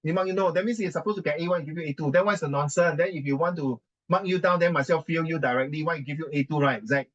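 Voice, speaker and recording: A man with a Singaporean English accent gives writing advice in an indignant conversational rant, emphatic and repetitive, slipping into Mandarin and Singlish. His voice is a little high and a bit bright, and he talks fast with few pauses. The recording has its highs cut off.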